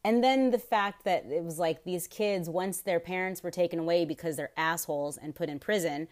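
A woman's voice: lowish voice, normal speed. Fired-up, swearing woman podcast host. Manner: rambling, swears freely, gets fired up with outrage. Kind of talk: casual solo podcast talk.

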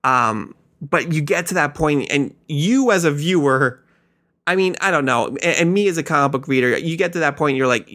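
A man co-hosting a casual podcast, talking about comics in a relaxed, filler-heavy way. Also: on the high side, normal speed. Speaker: podcast co-host.

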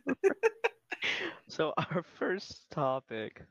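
A man's voice: fairly high pitch, wildly swooping pitch, very slow, gravelly, dry recording, lo-fi sound. A young man co-hosting a podcast, exasperated and trying to keep things on track. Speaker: podcast co-host. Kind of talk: casual chat.

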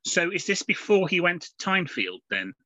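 A man's voice: sits high, very animated, normal speed, bright, forceful tone, no echo. A man co-hosting a casual podcast, rambling along with plenty of fillers and restarts. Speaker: podcast co-host. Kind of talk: casual chat reviewing comics. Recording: dull lo-fi podcast audio.

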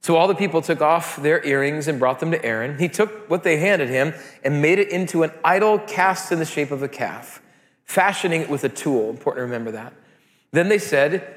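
A man in his thirties, a pastor giving a sermon, telling stories in an animated way with loud excited peaks. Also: a little high, a little fast, long reverb tail.

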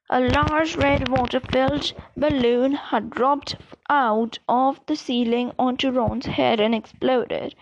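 A woman reading a novel aloud slowly and carefully, with small slips and restarts. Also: high-pitched, fairly even intonation, lo-fi sound, slight background noise. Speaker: reader. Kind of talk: amateur audiobook reading.

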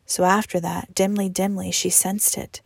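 Woman, story reader, expressive, hushed at times, dry close recording. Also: lowish voice, creaky, breathy edge, no room sound. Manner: expressive, slows and drops to a whisper for effect. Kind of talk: dramatic story reading.

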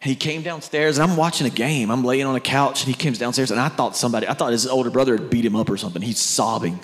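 A man's voice: medium pitch, fast talker. Man preaching in conversational storytelling style. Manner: conversational storytelling, speaking to the crowd directly. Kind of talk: sermon.

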